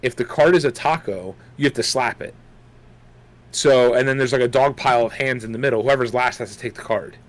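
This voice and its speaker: A young man co-hosts a casual gaming podcast in a mid-range voice at a fairly quick pace. He rambles, chews gum, and fills his talk with lots of fillers.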